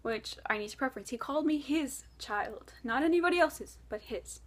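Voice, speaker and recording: Woman, vlogger, storytelling to camera, chatty, animated, lots of "like", somewhat high voice. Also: moderate pace. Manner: chatty, animated, many "like" fillers.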